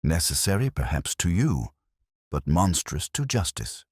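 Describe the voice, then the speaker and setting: A man playing a Victorian detective who speaks in a cold, cutting, measured way. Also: deep voice, big pitch swings, breathy edge, no echo, clean studio sound, exaggerated voice. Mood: accusing.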